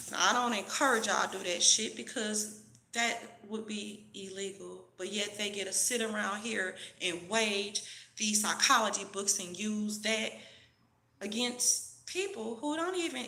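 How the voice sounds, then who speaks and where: A woman rants to her camera in a heated, profane, sermon-like way. Her voice is gravelly and sharp, pitched a little high, and it bounces around an echoey room. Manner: profane, preachy, heated rant. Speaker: vlogger. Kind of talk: ranting commentary to camera.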